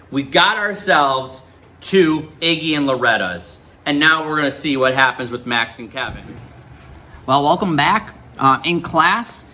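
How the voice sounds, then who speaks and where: A man's voice: mid-range voice, bright, forceful tone. A male teacher reading a novel aloud to his class and explaining it. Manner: guiding, explanatory.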